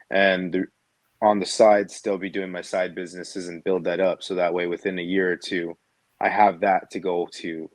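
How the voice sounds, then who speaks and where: A man's voice: sits low, dry recording. A man talking earnestly and reflectively in a casual podcast conversation. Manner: earnest, reflective about his goals.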